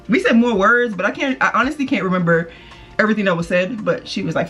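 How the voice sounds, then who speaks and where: A woman's voice: mid-range voice, quick pace, soft background music. Chatty woman telling a storytime. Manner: chatty, slangy, animated retelling with quoted voices. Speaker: vlogger. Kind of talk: casual storytime.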